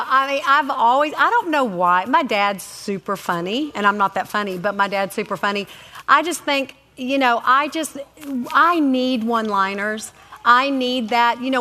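A middle-aged woman telling faith-based stories about family in a casual, animated way, acting out voices and adding many asides. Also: on the high side, in a large hall. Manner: animated, acts out quoted voices, lots of asides.

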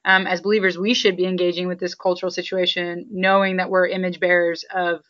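A woman's voice: lowish voice, level tone, brisk, fairly bright tone. A female co-host putting a curious question to a guest in an interview. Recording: dull lo-fi sound.

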